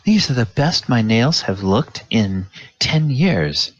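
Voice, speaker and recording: A man's voice: medium pitch, big pitch swings, takes it slowly, muffled recording, pitched above the performer's own voice. A man voicing a vain half-elf woman who gushes with admiration. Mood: delighted. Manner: gushing, admiring.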